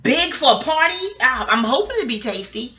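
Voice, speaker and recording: Animated, bright-voiced woman vlogger. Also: a little high, brisk. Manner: animated, laughing, swearing freely, acting out quoted people. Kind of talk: rambling casual storytelling.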